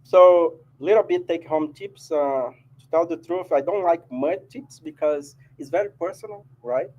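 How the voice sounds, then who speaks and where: A man's voice: fairly high pitch, moderate pace, darkish tone, dull audio. A man with a Brazilian Portuguese accent giving a casual spiritual talk to an audience, often adding "right?". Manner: chatty, keeps asking "right?". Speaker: spiritist speaker. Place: meeting hall of a spiritist society.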